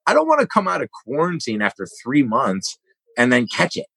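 Husky-voiced man chatting on a podcast. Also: mid-range voice, huge pitch swings, fairly quick, a bit bright, dry recording. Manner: rambling, chatty storytelling with many fillers. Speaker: podcast co-host. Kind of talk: casual podcast chat.

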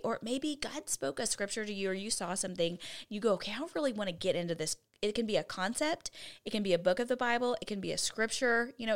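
Woman on a faith podcast, earnest, walks you through bible study step by step. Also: on the high side. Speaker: podcast co-host. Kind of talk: casual faith podcast chat.

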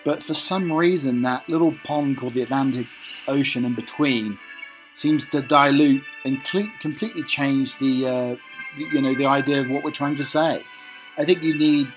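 A man's voice: mid-range voice, normal speed, music in the background, rough recording. A man hosting a podcast, talking in a wry, rambling casual monologue with restarts and asides. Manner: rambling, wry, self-interrupting. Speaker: podcast host.

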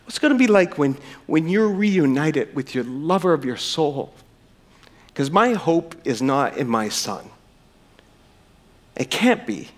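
A middle-aged male pastor delivers a sermon in church. He speaks earnestly, calls the listeners friends, and tells a personal story in a slightly higher-pitched voice. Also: very animated, a little slow, pauses often.

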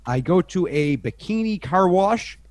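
A man's voice: high-pitched, expressive, unhurried, darkish tone, no echo. A middle-aged man, a podcast guest, telling self-deprecating anecdotes in a rambling, casual way with lots of restarts.

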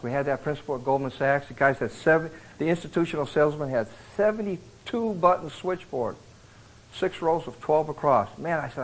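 A middle-aged man giving a conversational sermon at a retreat, telling stories in a folksy, animated way with many fillers and restarts. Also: fairly high pitch, a little fast, rough recording. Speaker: retreat speaker. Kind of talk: conversational sermon with acted anecdotes.

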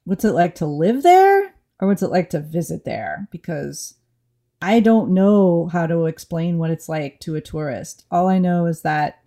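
A woman from New Orleans, USA, co-hosts a casual podcast, speaking candidly and thinking out loud with frequent restarts. Her voice is lowish and warm, at a moderate pace.

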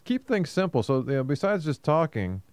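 Chatty man with a smooth, dry voice. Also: fairly high pitch, sing-song, fairly quick, darkish tone, dry recording. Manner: chatty, repeats words, laughs easily. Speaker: co-host. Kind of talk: casual radio talk.

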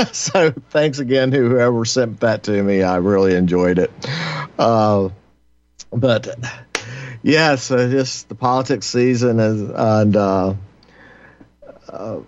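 Guy filling in on talk radio, lowish voice, lots of uhs, kinda sardonic, dry muffled sound. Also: no room sound. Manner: halting, many filler pauses. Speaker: fill-in radio host.

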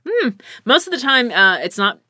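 Animated woman with a slight lisp. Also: fairly high pitch, normal speed, no echo, clean studio sound. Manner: animated, mimics voices, lots of fillers. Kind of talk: casual chat.

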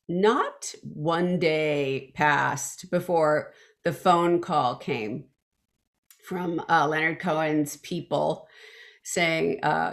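A woman's voice: low voice, gravelly. A woman singer telling her story in an interview, acting out quotes, with many fillers and restarts. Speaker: guest, backing vocalist.

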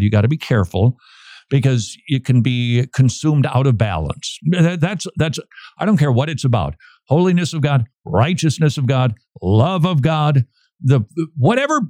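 Lively, mellow-voiced male radio host. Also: fairly high pitch, dry recording, clean studio sound. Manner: animated, chuckling, reads passages aloud with asides. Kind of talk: radio talk commentary. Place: radio studio.

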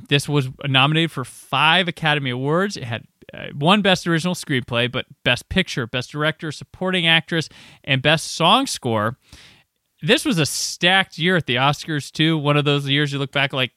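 Bright, crisp-voiced male podcast host. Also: mid-range voice, no echo, clean studio sound. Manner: rambling, anecdotal, quick asides. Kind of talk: casual film chat.

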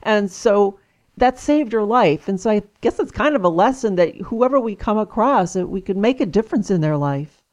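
Female radio host, gentle and conversational, affirming in tone. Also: mid-range voice, animated, moderate pace. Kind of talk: radio interview.

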